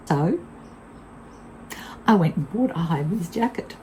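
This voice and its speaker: A woman's voice: medium pitch, animated, unhurried, long pauses, dark tone, a little hiss or hum, rough recording. An older woman tells a casual vlog story in a blunt, candid way, laughing often. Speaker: vlogger.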